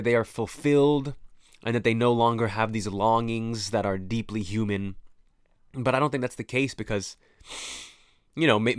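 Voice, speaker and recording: A low-voiced man talks straight into his camera, rambling and swearing freely as he circles his thoughts. He restarts and corrects himself often, in a loose, reflective tone. The sound is close and dry, with no room echo. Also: clean tone. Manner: rambling, profane, self-interrupting. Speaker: vlogger. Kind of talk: casual reflective monologue. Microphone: camera mic, close.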